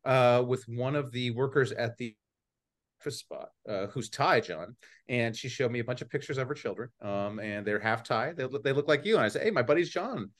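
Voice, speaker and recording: A man's voice: medium pitch, normal speed. A man co-hosting a podcast in casual chat, teasing his friends and repeating his lines. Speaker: podcast co-host.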